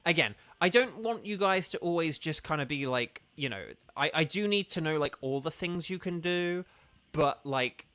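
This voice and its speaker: A man's voice: on the high side, bright, forceful tone, no room sound. A man chatting casually with viewers during a live game stream, rambling and organizing who plays next.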